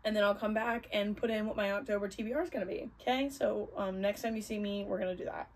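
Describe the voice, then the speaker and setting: A young woman chatting in a bubbly, gushing vlog style, full of quick excited exclamations. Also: medium pitch. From United States. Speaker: book vlogger. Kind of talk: casual vlog chat.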